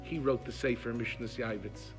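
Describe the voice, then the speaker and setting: A man's voice: mid-range voice, steady tone, moderate pace, faint music behind. A man telling a moving story in an emotive way. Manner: emotive, acts out pleas in a raised voice. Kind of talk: heartfelt storytelling.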